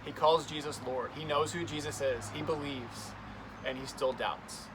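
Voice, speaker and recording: A man's voice: a little high, steady tone, normal speed, noisy background. Earnest young man giving a youth devotional. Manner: earnest, conversational storytelling. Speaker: youth pastor.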